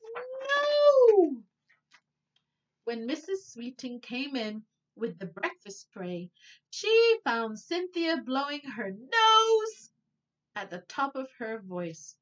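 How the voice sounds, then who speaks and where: Teacher lady reading a kids story, high bouncy voice, slow and expressive, kinda muffled. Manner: animated and expressive, with asides. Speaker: children's teacher and host. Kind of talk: storybook read-aloud for children. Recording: dull lo-fi recording.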